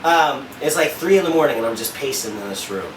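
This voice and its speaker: A man telling a story about his wife, cursing freely and acting out what each person said in a lively, animated way. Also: mid-range voice, brisk, shouting. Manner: animated, profane, acts out quoted dialogue. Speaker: father and husband. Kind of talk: casual storytelling. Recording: roomy echo, distant mic, faint noise.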